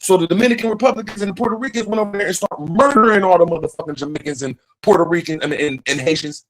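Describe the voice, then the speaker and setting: A man's voice: high voice, very fast, fairly bright tone, low-quality recording. A man hosting a livestream, talking in a profane, rambling, emphatic casual rant. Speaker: livestream host.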